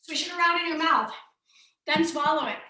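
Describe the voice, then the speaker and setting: A fitness instructor with a slight Midwestern American accent gives upbeat, encouraging workout instruction as she exercises. Her high voice is bright and forceful at a normal speed, and she's recorded from a distance in a heavily echoing room.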